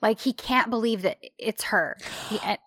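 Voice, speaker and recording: A woman co-hosting a podcast, chatting casually about a TV series in a relaxed, agreeable way. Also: fairly high pitch, normal speed, no echo, clean studio sound. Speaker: podcast co-host. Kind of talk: casual chat recapping a TV series.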